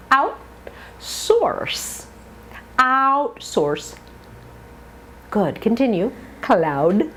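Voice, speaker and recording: Woman accent coach, very slow, hugely swooping pitch, drills words, faint background hiss. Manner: slow, drawn-out model words with coaching asides. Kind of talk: pronunciation drill lesson.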